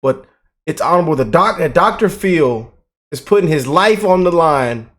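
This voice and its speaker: A man hosting a reaction video, talking to his viewers in an excitable, hyped way. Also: on the high side, moderate pace. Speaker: host. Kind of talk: reaction commentary.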